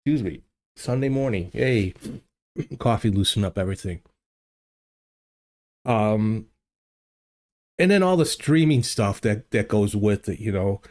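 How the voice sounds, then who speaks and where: An older man hosts a casual livestream from his home studio, rambling to live chat viewers with plenty of fillers and restarts. His voice is lowish and darkish, animated yet a little slow, with long pauses. He speaks into a desk microphone.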